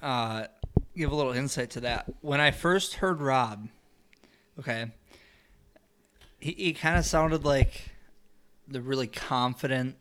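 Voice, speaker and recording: A young man co-hosting a podcast in casual chat, telling a story in a joking, drawn-out way. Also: mid-range voice, fairly bright tone. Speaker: podcast co-host. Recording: faint noise and clicks.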